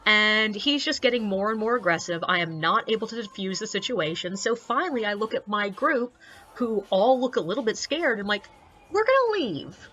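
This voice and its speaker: A woman's voice: medium pitch, fairly quick, pushed and bright, muffled recording. A woman who works as a ghost tour guide, casually telling stories from her job in a chatty, candid way with sarcastic asides. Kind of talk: casual personal storytelling.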